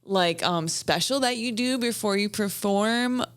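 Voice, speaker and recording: A woman's voice: medium pitch, a little slow, smooth. A woman hosting a casual interview, chatty and encouraging, saying "right" and "like" often. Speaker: podcast host.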